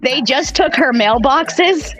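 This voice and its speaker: A woman's voice: high voice, animated, slow, a bit bright, soft background music. A woman chatting as a podcast guest, rambling through stories full of "like" and swearing. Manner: rambling, profane storytelling with many "like"s. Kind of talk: casual chat.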